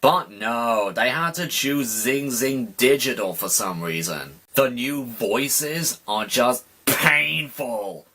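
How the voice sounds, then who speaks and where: Male reviewer, bright timbre, sarcastic and fed-up voice-over. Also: medium pitch, expressive, takes it slowly, few pauses. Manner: exasperated and sarcastic. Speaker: YouTube reviewer. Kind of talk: ranting voice-over commentary.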